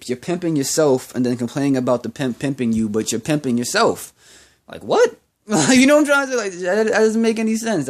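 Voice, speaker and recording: A young man ranting in a vlog monologue, profane and heated, repeating himself as he goes. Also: medium pitch. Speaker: vlogger.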